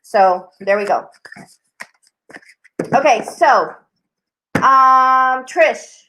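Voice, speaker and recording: A woman's voice: sits high, drawn-out words, long pauses, background noise. A young woman hosting a live tarot stream, chatting casually with viewers in a bubbly, scattered way and saying "y'all" a lot.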